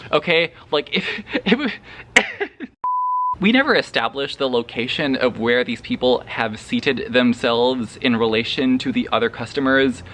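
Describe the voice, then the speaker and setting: Bright-voiced animated male book vlogger. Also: medium pitch, unhurried, slight background noise. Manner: animated, dramatic, crude, laughing asides. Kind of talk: casual spoiler book review vlog.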